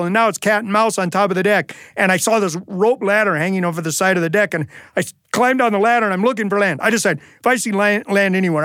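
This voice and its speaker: A man tells a funny personal story, lively and animated, slipping into the voices of the people in it. His voice sits a little high, and the recording is close and dry with no room sound. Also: dry recording. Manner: humorous, animated delivery with acted-out quotes. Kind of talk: live storytelling performance.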